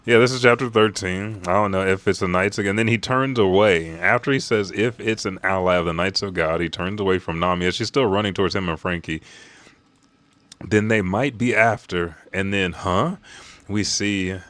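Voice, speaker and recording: Excitable, profane man reading manga live. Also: low voice, dry recording. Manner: animated, profane, jumps into quick character voices. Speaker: manga reaction streamer.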